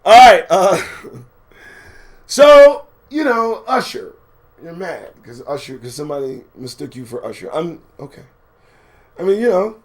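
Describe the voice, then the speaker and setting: A man's voice: high-pitched, expressive, measured pace, long pauses. A man hosting a live commentary stream, riffing casually with sarcastic, profane asides while reading out news items. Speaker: show host.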